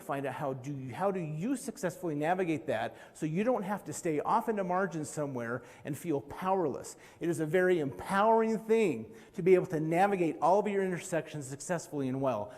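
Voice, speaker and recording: A man's voice: a little high, darkish tone. Conference president, middle-aged man, earnest storyteller at a podium mic, reverberant convention hall. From Utah, USA. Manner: earnest, storytelling, with light laughs and fillers. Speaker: organization president giving a conference speech. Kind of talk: live conference speech.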